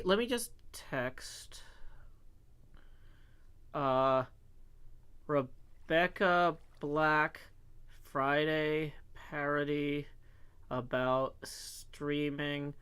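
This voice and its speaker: A man's voice: a little high, big pitch swings, very slow, pauses often, fairly bright tone, smooth, no room sound. A man streaming live, chatting casually and reading messages aloud with wry asides. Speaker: livestreamer. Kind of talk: casual livestream chat.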